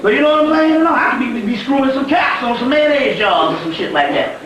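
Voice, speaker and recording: A man's voice: extremely high pitch, expressive, a little fast, crowd noise. Man, lecture, rambling profane storytelling, laughing, heavy room echo, far from the mic. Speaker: spiritual lecturer. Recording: echoey room from a distant mic.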